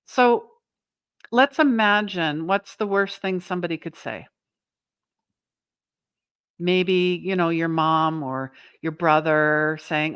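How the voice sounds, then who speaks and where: A woman's voice: lowish voice, takes it slowly, long pauses, a bit bright, clear, resonant tone, no echo. A woman host giving a motivational talk to her viewers, earnest and emphatic, often asking "right?". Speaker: self-help channel host.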